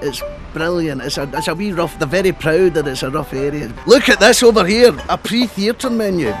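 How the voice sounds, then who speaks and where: A man's voice: fairly high pitch, expressive, normal speed, over music, pitched above the performer's own voice, lightly acted. A man doing a comic impression of a Scottish comedian, rambling through absurd jokes in a Scottish accent. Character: impression of a famous Scottish comedian touring Scotland.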